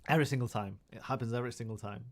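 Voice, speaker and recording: A man's voice: mid-range voice, rapid-fire. A young man chatting casually on a live stream from his room, rambling and joking at himself with many restarts.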